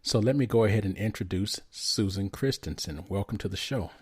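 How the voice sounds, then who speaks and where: A man hosting a podcast and interviewing a guest in a friendly, halting way with some restarts. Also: fairly low pitch, darkish tone, breathy edge, dry recording. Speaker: podcast host.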